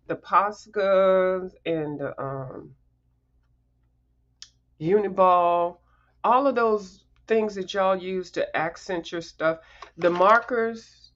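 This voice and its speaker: A chatty coloring livestream host talks casually through show-and-tell, rambling along with emphatic asides to the viewers. The voice sits at a middle pitch. The audio is a little muffled and lo-fi. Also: a bit bright.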